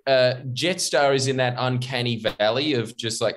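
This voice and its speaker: A man's voice: medium pitch, moderate pace. A man, a guest on a comedy podcast, riffing and mock-ranting. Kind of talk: casual comedic chat.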